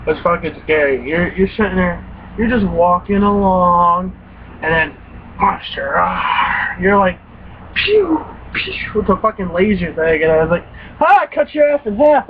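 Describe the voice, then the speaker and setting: Animated young man, tinny recording. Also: high-pitched, unhurried. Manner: profane, animated retelling with quoted reactions. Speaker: gaming vlogger. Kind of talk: casual rambling story. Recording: tinny phone-like recording with faint hiss.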